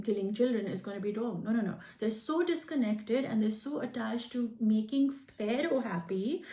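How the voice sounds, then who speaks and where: Brief: higher-voiced woman, emphatic spiritual talk, roomy echo. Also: a little mellow. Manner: emphatic, asks rhetorical questions. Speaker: spiritual art healer. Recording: echoey room.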